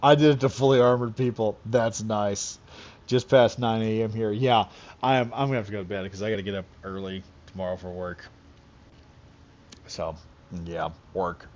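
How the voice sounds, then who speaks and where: A man's voice: on the low side, steady tone, moderate pace, darkish tone, a little hiss or hum. A man chatting casually during a late-night game live stream, rambling loosely and chuckling often as he talks. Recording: slightly dull lo-fi audio.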